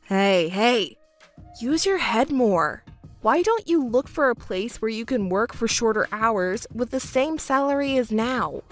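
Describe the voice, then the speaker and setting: A woman's voice: a little high, expressive, measured pace, soft background music. A woman voicing an arrogant young fiancé who talks down to his partner in a scolding, condescending way. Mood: scornful. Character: arrogant self-important young man, fiancé. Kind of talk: texting story voice acting.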